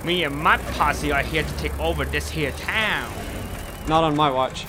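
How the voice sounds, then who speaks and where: A man voicing a tough male tricycle-riding western hero and gang boss in a comedy movie-trailer spoof, with a gruff drawl. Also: fairly high pitch, a little slow, close to an everyday voice. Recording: distant voice over music.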